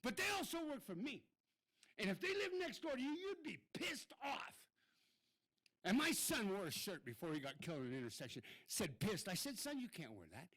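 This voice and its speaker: A man's voice: sits high, big pitch swings, brisk, fairly bright tone, rough recording. An irate man giving a blunt, swearing public comment at a city council meeting.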